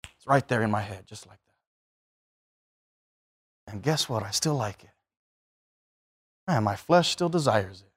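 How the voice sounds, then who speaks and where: A man's voice: fairly low pitch, lively intonation, measured pace, long pauses, breathy edge. A man preaching a sermon, telling everyday stories and acting out the voices of the people in them. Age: adult, married.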